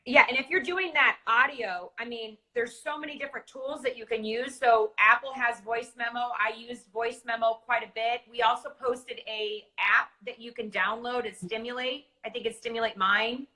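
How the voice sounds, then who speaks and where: A woman co-host explains a coaching method through a worked example. Her voice is notably bright and sits fairly high. She sounds affirming and keeps the talk clear and practical. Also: steady tone, moderate pace, hardly any pauses, poor audio. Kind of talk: casual coaching chat.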